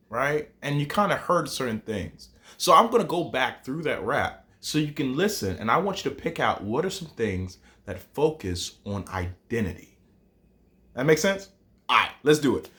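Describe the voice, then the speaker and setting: A young man with a Southern accent, hosting a lively hip hop writing lesson and talking straight to his students. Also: mid-range voice. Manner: animated, rhythmic, addresses viewers directly. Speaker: teacher, host of the show.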